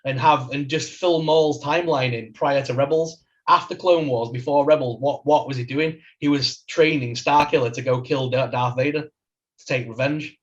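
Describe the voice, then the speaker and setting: Excitable man on a dull mic. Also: medium pitch, moderate pace. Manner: excited, speculative, laughs a lot. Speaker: podcast co-host. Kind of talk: casual chat. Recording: dull lo-fi sound.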